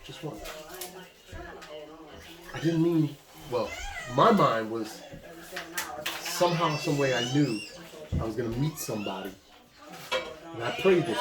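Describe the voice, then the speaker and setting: A man's voice: mid-range voice, expressive, normal speed, pauses often. Man preaching in an echoey room. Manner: conversational, exhortative, speaks straight to a listener. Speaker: pastor. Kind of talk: informal preaching to a gathering. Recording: echoey room with a crowd behind.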